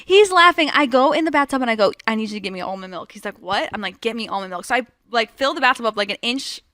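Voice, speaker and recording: Bright, candid young woman telling a story. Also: a little high, racing, no room sound, clean studio sound. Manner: candid, laughing, lots of "like" and "dude". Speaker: guest. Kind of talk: casual storytelling.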